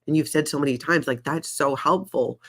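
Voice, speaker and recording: A woman's voice: low voice, moderate pace, a bit bright. A woman speaking as a guest in a candid conversation, sounding reassuring and reflective. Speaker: podcast guest.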